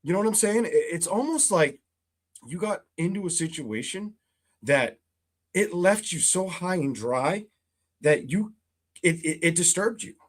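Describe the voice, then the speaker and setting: A man's voice: high voice, animated, unhurried, breathy edge. A man giving a tarot reading for a zodiac sign, talking bluntly and swearing a lot as he gets worked up. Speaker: tarot reader.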